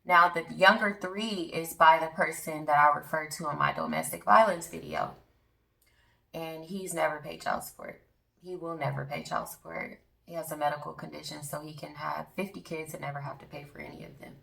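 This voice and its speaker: A woman in her thirties recounts a personal testimony to her viewers in an earnest, emphatic way. Her voice is fairly low and gravelly, with a bright edge. She sits a little back from the microphone. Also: steady tone, moderate pace, reverberant, far from the mic, poor audio. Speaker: vlogger.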